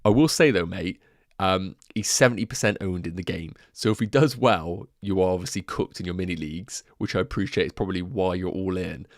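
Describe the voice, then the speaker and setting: A low-voiced man hosts a casual livestream and banters with his chat in quick asides. He sounds a little out of breath. The recording is dry and close, with no room sound. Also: no echo. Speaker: fantasy football livestream host. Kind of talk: casual livestream chat reading viewer questions.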